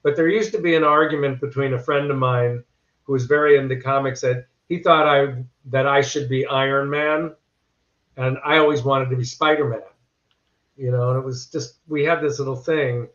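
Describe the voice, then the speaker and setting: A man's voice: mid-range voice, fairly even intonation, moderate pace, fairly bright tone. A male actor, a podcast guest, telling casual anecdotes with wry punchlines. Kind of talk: casual storytelling. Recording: echoey, dull lo-fi remote audio.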